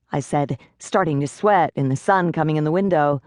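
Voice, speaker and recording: A woman reading a first-person audiobook in a steady, measured way. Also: low-pitched, no room sound. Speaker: audiobook narrator.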